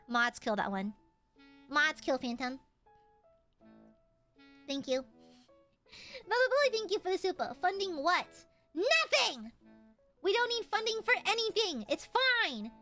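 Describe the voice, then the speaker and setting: A young woman streamer with a very high, bright voice that swings widely in pitch. She chats warmly one moment and shrieks curses at her chat the next, excitable and unfiltered. Soft music plays faintly behind her. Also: moderate pace, pauses often. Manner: excitable, swears, jumps from tender to shouting at chat. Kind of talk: casual livestream chat.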